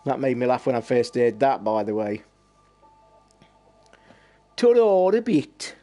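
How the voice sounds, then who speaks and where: A livestream host from Derbyshire, England, with an East Midlands accent, chats casually with his viewers, rambling through stories with lots of swearing and laughing. His mid-range voice is steady and warm, and he talks a little fast.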